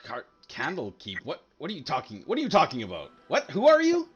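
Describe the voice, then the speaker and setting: A man voicing a wary, gruff soldier sergeant in a tabletop game, firing off cautious, demanding questions. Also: medium pitch, sing-song, normal speed, sharp tone, muffled recording, soft background music.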